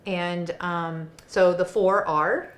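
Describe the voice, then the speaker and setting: Woman explaining marketing steps, low voice. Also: steady tone, takes it slowly. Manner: thoughtful, talks in lists and frameworks. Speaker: podcast co-host. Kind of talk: casual podcast chat. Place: conference room in an office.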